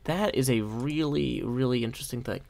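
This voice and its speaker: A man's voice: medium pitch, normal speed, gravelly, a little mellow, dry recording. Chatty man live-streaming a game. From Nashville, USA. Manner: chatty, self-deprecating, reads chat aloud. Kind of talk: casual live-stream chat.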